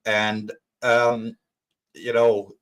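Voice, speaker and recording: A man's voice: on the low side, level tone, extremely slow, low-quality recording. An older man with a lisp and a sore throat, chatting casually as co-host of a livestream. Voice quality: lisp from missing teeth. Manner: warm thanks to viewers, chatty.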